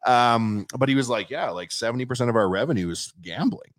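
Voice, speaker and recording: A man's voice: medium pitch, fairly quick, no echo. A man hosting a podcast, telling stories in casual chat and acting out quotes. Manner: animated storytelling with acted quotes. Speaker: podcast host. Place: studio.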